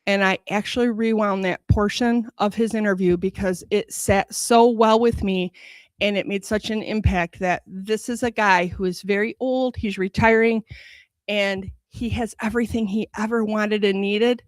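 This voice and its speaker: A woman's voice: mid-range voice, fairly even intonation, normal speed, no room sound. A woman giving morning announcements at a school, speaking encouragingly to the children. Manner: warm encouraging address to children.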